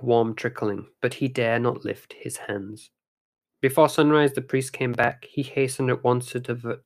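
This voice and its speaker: Man narrating a ghost story. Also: mid-range voice.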